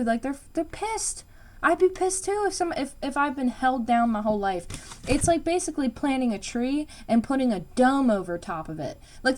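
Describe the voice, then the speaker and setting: A woman with a medium-pitched, darkish voice gives a casual spoken tarot reading. She rambles and speaks emphatically, full of fillers and frequent swearing.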